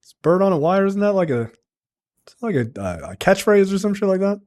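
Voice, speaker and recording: A man co-hosting a casual film review chat, animated and joking, with frequent swearing. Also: high voice, brisk. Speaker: podcast co-host.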